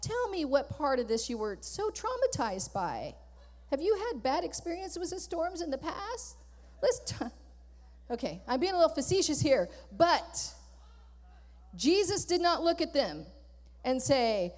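Woman pastor, high voice, emphatic repetitive preaching, long church-hall reverb. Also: very animated, a little slow, a little mellow. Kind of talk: sermon. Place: church sanctuary.

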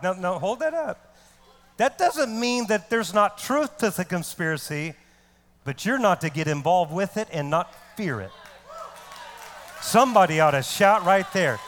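A man preaching a fiery sermon as pastor, shouting and repeating words for emphasis. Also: high voice, sing-song, unhurried. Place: church hall. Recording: reverberant church hall.

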